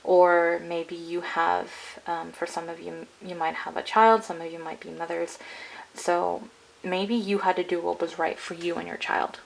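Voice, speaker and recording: A woman's voice: lowish voice, level tone, unhurried, vocal fry, rough recording. A woman giving a casual, rambling tarot reading to her viewers, full of "like" and "I'm getting.". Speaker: tarot card reader.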